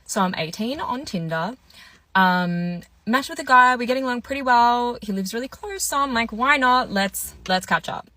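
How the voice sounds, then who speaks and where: Young woman, casual storytime, chatty, exasperated, bright voice, dry close sound. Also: a little high, animated, normal speed, dry recording. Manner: chatty, exasperated retelling with quoted dialogue.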